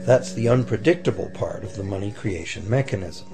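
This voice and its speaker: Male narrator, low and gravelly, calm explainer, faint music bed. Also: fairly quick. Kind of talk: scripted documentary narration. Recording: voice-over with faint music behind.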